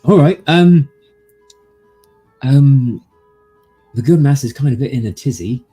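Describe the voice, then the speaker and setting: A man's voice: mid-range voice, expressive, a little slow, dark tone, husky, soft background music, voice pushed up. A man voicing a big, bristly, friendly male adventurer with a folksy, hearty way of talking.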